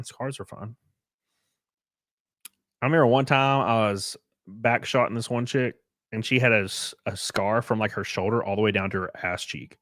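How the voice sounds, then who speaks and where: A man hosting a casual live stream, joking crudely and thanking viewers by name, jumping from loud outbursts to quiet muttering. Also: mid-range voice, dry recording, studio quality. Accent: Southern American. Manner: crude, joking, reads and thanks super chats aloud. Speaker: livestream host.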